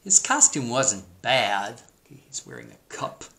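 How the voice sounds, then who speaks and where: A man's voice: mid-range voice, very animated, unhurried, bright, forceful tone. A man teacher reading a children's picture book aloud, with amused, chuckling asides.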